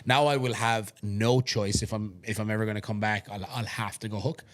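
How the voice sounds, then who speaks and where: A young Irish man co-hosting a sports podcast, talking in a relaxed, rambling way and often restarting his sentences. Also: lowish voice, a little fast. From Ireland. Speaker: podcast co-host and strongman competitor. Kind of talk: casual chat.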